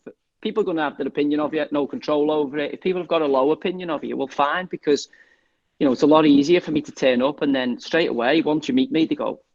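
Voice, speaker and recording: A man from England speaks as the guest in a relaxed interview, rushing through his thoughts at a quick clip. He keeps restarting his sentences and leaning on "you know". The sound is dull and lo-fi. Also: on the high side. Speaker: guest, former footballer. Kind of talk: casual interview talk.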